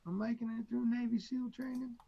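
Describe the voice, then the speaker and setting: A man's voice: very high-pitched, fairly even intonation, brisk, creaky, dark tone, muffled recording, slight background noise, pitched above the performer's own voice. A man doing a drawling Southern drill instructor. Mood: gruff, grim. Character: gruff older male Navy drill instructor.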